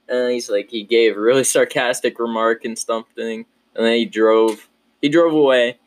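A man's voice: mid-range voice, fairly even intonation, normal speed, dry recording. A young man in his twenties hosting his own podcast in a casual, rambling, upbeat way, often restarting his sentences. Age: 20s. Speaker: podcast host. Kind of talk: casual solo podcast chat.

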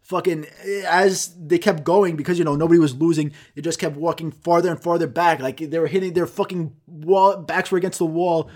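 A man's voice: on the high side, steady tone, a little fast, few pauses, a little mellow. A young man telling a rambling, profane comic story in casual chat, throwing in sound effects.

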